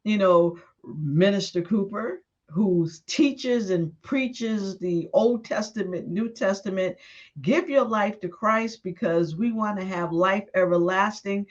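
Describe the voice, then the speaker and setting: A woman's voice: mid-range voice, slow, pitched above the performer's own voice, natural voice. A woman voicing God as a blunt, impatient male figure, in a dull lo-fi recording. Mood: exasperated. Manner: blunt, teasing, rhetorical questions.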